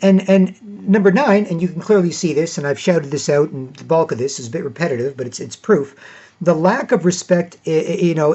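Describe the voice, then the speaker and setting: A man's voice: a little high, warm tone, husky. A man talking in a casual monologue as a podcast host, rambling and padding his points with "you know" and "right". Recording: dull lo-fi recording.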